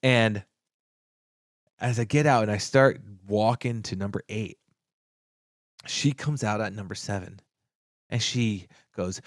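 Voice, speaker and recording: This podcast co-host, a man, talks a little slowly while telling a story in relaxed, foul-mouthed conversation. Animated, he voices quoted people with big pitch jumps, and the audio is studio quality with no room sound.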